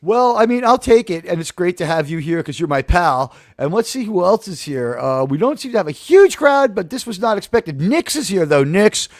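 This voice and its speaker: A man's voice: high voice, big pitch swings, moderate pace, hardly any pauses, no room sound, studio quality. Rambling joking male talk show host. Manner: rambling, jokey, with restarts. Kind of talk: casual live chat.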